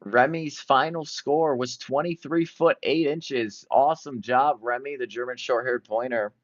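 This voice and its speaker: Excited male play-by-play commentator. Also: medium pitch, a little slow, no room sound, highs cut off. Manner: excited, jumping between events. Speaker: sports commentator.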